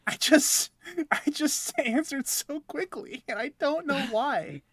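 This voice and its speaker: A man's voice: very high voice, animated, slow pace, a bit bright, no room sound. A young man co-hosting a podcast, telling a rambling story about himself while laughing between sentences. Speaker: podcast co-host. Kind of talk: casual storytelling chat.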